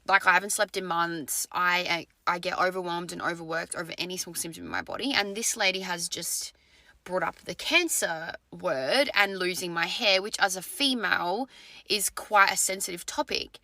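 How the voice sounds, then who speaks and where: A woman's voice: lowish voice, animated, moderate pace, bright, forceful tone, no echo. A woman, a retail worker, retelling a run-in with a customer in an indignant, emotional storytime clip.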